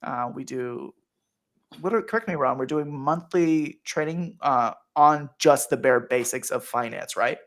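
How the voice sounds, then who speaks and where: A man's voice: medium pitch, normal speed, a bit bright. A man hosting a casual podcast chat, earnest and emotional, with many fillers and restarts. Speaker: host.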